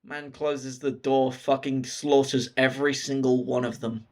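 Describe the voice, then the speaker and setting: Man, casual film recap, swears freely, slow delivery. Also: mid-range voice. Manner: profane, excited storytelling. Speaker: film reviewer.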